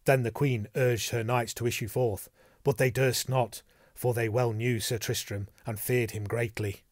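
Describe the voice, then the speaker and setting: Speaking at a medium pitch, a man reads an audiobook with calm, measured storytelling. The recording is dry, with clean studio sound.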